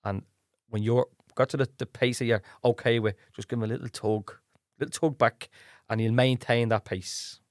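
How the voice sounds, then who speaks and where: A man's voice: medium pitch, normal speed, dry recording, studio quality. A man in his forties with a Dublin accent, a guest actor telling colloquial anecdotes in a casual chat. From Ireland. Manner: lively anecdotal, colloquial, plays voices in quotes. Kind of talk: casual storytelling.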